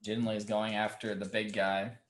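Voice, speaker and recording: A man playing a tabletop game, making brief, low-key remarks. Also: little pitch movement, normal speed, a bit bright. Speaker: player. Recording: roomy echo, faint background noise.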